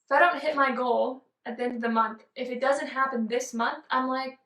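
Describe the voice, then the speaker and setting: Woman, high pitch, chatty business vlog, playful, echoey room, a bit far from the mic. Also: steady tone, brisk, few pauses, fairly bright tone. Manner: bubbly, exclamatory, playful. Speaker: business coach vlogger. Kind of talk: casual chat to camera. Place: room in a house. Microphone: camera on tripod.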